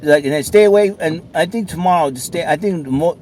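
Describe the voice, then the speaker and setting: A man chats casually from his car, rambling and full of fillers. His voice sits a little high, with a faint hum of traffic behind him. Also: fast talker, a little mellow. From southern New England. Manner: rambling, chatty, lots of fillers. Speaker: vlogger. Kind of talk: casual chat. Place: in a car outside a mall.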